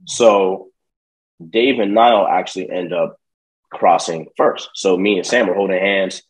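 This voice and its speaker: This podcast guest, a young man whose voice sits low, keeps a measured pace through a rough recording. Casually recounting a lengthy story from his life, he curses often and impersonates the characters with streetwise energy.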